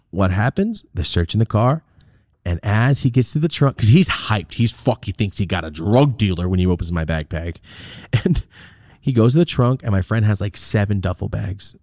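Hosting his podcast, a man in his thirties recounts a story in a relaxed, foul-mouthed way, acting out quoted people with dramatic pitch swings. The audio is clean studio sound with no room sound.

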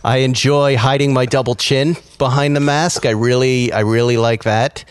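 A man's voice: medium pitch, steady tone, moderate pace, clean tone, dry recording. A man hosting a podcast, chatting casually in a rambling, self-mocking way and reading sponsor ads. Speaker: podcast host. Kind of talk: casual banter and ad read.

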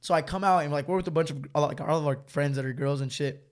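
A man's voice: on the high side, fast talker. A young man telling a story to friends in casual chat, swearing often and using lots of fillers, laughing as he goes.

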